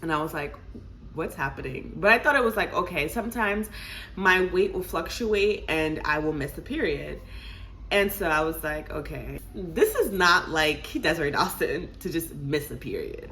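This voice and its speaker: Bright-voiced young woman telling a story. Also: deep voice, normal speed, a little hiss or hum. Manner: animated and laughing, addresses viewers as y'all. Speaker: vlogger. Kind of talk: casual storytime.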